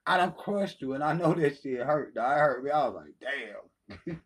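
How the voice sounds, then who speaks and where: A man with a fairly high pitch, lively intonation and slightly fast delivery hosts his own channel. In this heated callout video he rants profanely, taunting and swearing freely.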